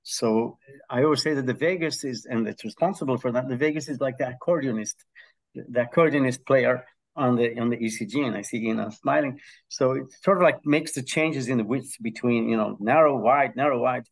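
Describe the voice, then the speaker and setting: A man's voice: medium pitch, fairly quick, creaky. A man from Israel, a health psychology professor, explaining his research as a podcast guest with enthusiasm, analogies and frequent hesitations. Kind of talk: conversational explanation.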